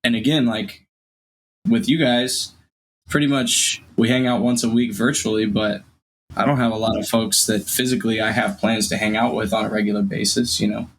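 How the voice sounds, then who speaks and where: A man's voice: fairly low pitch, fairly even intonation, normal speed, slight background noise, low-quality recording. A man co-hosting a podcast, talking in an easygoing, slightly hesitant casual way. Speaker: podcast co-host. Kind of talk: casual book-club chat.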